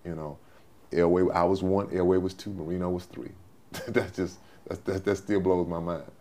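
This man in his sixties, once a football player and from Texas, sits for a storytelling interview as a folksy, repetitive storyteller. His deep, mellow voice has a flat delivery and a moderate pace.

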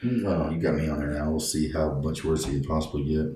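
A man's voice: a bass voice, steady tone, brisk, warm tone. A young man co-hosting a casual podcast, dry and sarcastic, swearing freely. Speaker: podcast co-host. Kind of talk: casual chat. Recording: roomy echo with faint noise.

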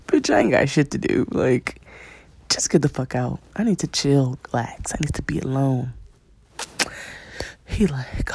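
A woman's voice: very deep voice, animated, unhurried, creaky, pauses often, a little mellow, husky. A young woman casually telling a personal story, slangy and blunt, often dropping to a whisper. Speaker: storyteller vlogger.

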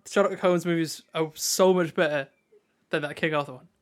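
A man co-hosting a podcast in casual chat, excitable and blunt with his opinions. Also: on the high side, normal speed. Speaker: podcast co-host.

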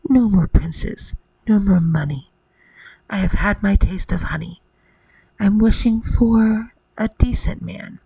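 A woman's voice: mid-range voice, slow, gravelly, mellow, breathy edge, no echo, full character voice, low-quality recording. A woman whispering the part of a young, wary Cinderella in a whispered role-play storybook reading. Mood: earnest.

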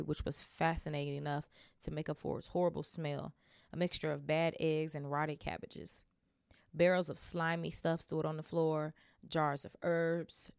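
A woman's voice: low-pitched, vocal fry, a little mellow, smooth, no echo, studio quality. A woman hosting a book club podcast, reading a novel aloud and breaking off into chatty asides, sometimes tripping over names and correcting herself.

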